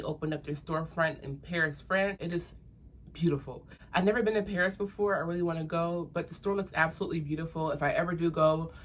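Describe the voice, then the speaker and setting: Young woman, lower voice, excitable casual unboxing vlogger. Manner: gushing, excitable, addresses viewers as "you guys". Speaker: jewelry reviewer vlogger.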